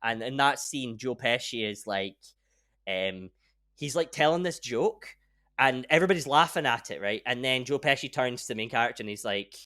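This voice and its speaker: A young man hosting a podcast in casual chat, rambling and excitable and swearing freely. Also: medium pitch, a little fast. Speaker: podcast host.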